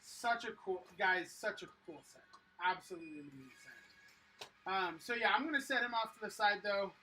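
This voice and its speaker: An enthusiastic host talks casually with viewers while building, voice bright and forward, scattered with ums and restarts. The mic sits a little away from the speaker, with a faint hiss underneath. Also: medium pitch, normal speed. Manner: excitable, enthusiastic, many fillers. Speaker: livestream host building sets. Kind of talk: casual chat reading viewer comments. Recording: slightly distant mic with faint noise.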